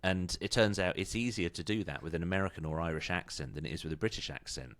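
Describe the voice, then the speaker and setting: A man's voice: low-pitched, fast, a bit bright, no room sound. A man hosting a podcast in casual chat, chatty and self-deprecating, laughing easily. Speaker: podcast host.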